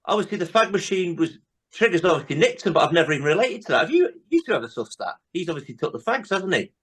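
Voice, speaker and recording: A man's voice: on the high side, very animated, quick pace, a bit bright, breathy edge. A man hosting a podcast, chatting casually and retelling comedy scenes with many tag questions. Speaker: podcast host. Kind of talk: casual chat.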